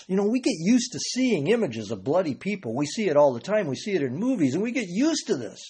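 A man's voice: fairly high pitch, a little mellow, husky. A man preaching a sermon, earnest and often rising to emphatic bursts, sometimes repeating words.

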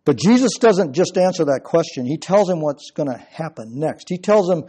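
A man's voice: a little high, animated, moderate pace, warm tone, breathy edge. A man preaching an expository sermon and explaining verse by verse with emphatic stress. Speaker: pastor.

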